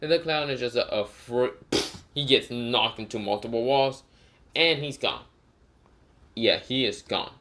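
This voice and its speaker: A man's voice: mid-range voice, expressive, unhurried, noisy background. A young man casually narrating a made-up fan story, rambling with many fillers and self-corrections.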